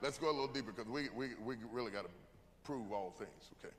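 A man preaching a sermon to his church, joking with the congregation and rising into shouts. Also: mid-range voice, fast talker. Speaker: pastor. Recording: echoey church hall with loud room noise.

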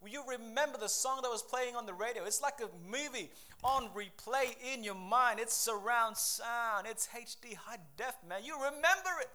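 A man preaching a sermon with a lively, conversational delivery, full of quick asides and acted-out quotes. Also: extremely high pitch. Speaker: pastor.

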